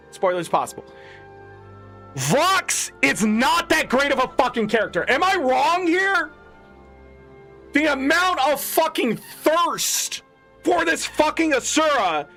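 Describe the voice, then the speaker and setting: A man's voice: very high voice, bright, forceful tone. A man giving a casual, profane, exasperated gaming rant as a content creator.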